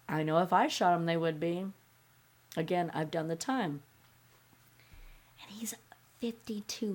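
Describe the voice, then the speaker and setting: A woman's voice: medium pitch, vocal fry. A woman, hosting a podcast and ranting bluntly and sarcastically, with heavy swearing. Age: 50s. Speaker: podcast host. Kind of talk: angry opinion rant.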